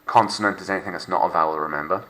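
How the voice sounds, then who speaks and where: Bright-voiced Welsh male teacher. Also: sits low, a little hiss or hum, rough recording. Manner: upbeat, playful, models French words slowly for repetition. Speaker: secondary school French teacher. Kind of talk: recorded lockdown lesson narration.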